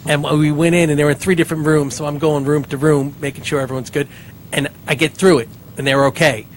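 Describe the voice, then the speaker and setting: A man with a high-pitched voice spins a rambling, self-deprecating story for laughs among friends. A faint hum of noise sits under the recording. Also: little pitch movement, fast talker. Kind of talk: comedic storytelling.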